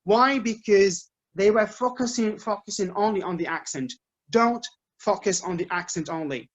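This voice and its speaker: A man's voice: high-pitched, moderate pace. Arabic-accented man giving patient advice. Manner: patient, repeats points, checks in with "okay?". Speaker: English teacher, guest. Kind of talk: advice lecture to learners. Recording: dull lo-fi recording.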